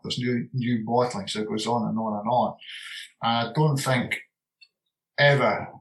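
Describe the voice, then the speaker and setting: A man's voice: medium pitch, fairly bright tone, low-quality recording. A man in his sixties, a retiring distillery manager, talking in a rambling, heartfelt way and repeating words for emphasis. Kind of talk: relaxed interview conversation.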